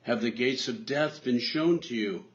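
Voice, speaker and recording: A male preacher voicing a stern, all-powerful divine voice that fires off booming rhetorical challenges, on a dull lo-fi recording. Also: unhurried, lightly acted.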